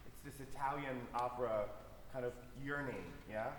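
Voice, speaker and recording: A man's voice: medium pitch, fairly even intonation, normal speed, a little hiss or hum. A man conductor rehearsing an orchestra, coaching players, singing phrases in syllables and asking "yeah?" to check they follow. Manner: coaching, sings phrases in syllables, tag questions. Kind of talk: rehearsal instruction. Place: large concert hall. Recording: echoey hall from far off.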